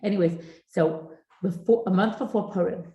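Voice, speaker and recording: A woman's voice: medium pitch, moderate pace, dark tone, roomy sound, dull audio. A middle-aged woman teaching a parenting class in a chatty, informal way, mixing Hebrew and Yiddish terms into her talk.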